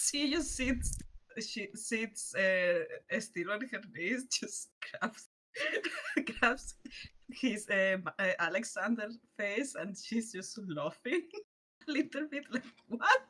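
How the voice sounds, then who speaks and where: Slow, laughing role-play player, woman. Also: medium pitch, big pitch swings, sharp tone. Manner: hesitant, laughs often. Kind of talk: casual tabletop role-play narration.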